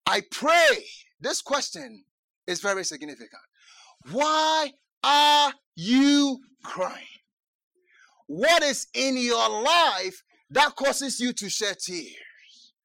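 A male pastor preaching a sermon who repeats his phrases and swings from hushed tones to shouting, with slow, drawn-out emphasis. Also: very high voice, sing-song, no room sound.

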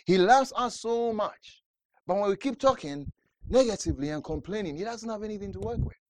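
A man's voice: high voice, no room sound. A man preaching a sermon, fervent, with rising repeated calls. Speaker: pastor.

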